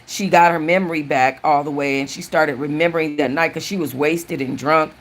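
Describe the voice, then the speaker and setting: Woman, low voice, casual live-stream book chat, chatty, restarts her sentences. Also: steady tone, a little fast. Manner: chatty, restarts often, thanks viewers mid-sentence. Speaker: book channel host.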